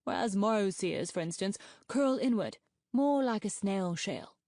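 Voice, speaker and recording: A woman voicing an eager, talkative male scientist dragon who rambles proudly and excitedly. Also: medium pitch, measured pace, no room sound, clean studio sound.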